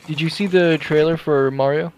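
A man co-hosting a podcast in casual chat, eager and excitable. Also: fairly high pitch, normal speed.

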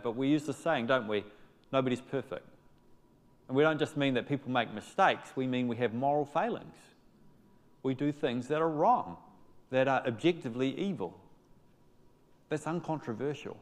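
A man preaching a sermon, his delivery ranging from loud, excited exclamations to quiet, earnest appeals. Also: mid-range voice, normal speed. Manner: animated, rising to loud exclamations and dropping to soft appeals. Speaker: pastor.

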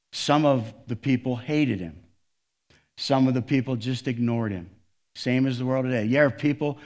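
Animated man preaching a sermon. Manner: animated preaching, swings from loud emphatic to quiet and low. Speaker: pastor.

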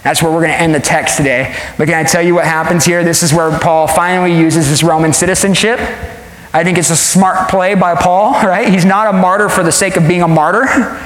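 A male pastor preaching a sermon, telling the story with lively acted-out voices. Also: high-pitched, brisk. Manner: animated storytelling, acts out quoted voices. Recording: echoey hall.

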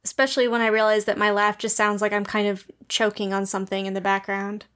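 A woman's voice: mid-range voice, flat delivery, fast, fairly bright tone. A woman co-hosting and editing a podcast, chatting in a playful, self-mocking way. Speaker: podcast co-host and editor. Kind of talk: casual chat.

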